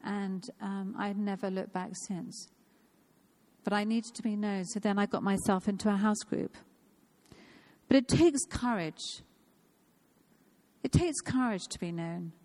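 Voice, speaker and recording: A woman's voice: mid-range voice, unhurried, long pauses, dark tone. A woman of fifty giving an informal, personal sermon in a church, earnest and repeating phrases for emphasis. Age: 50s. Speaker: church speaker.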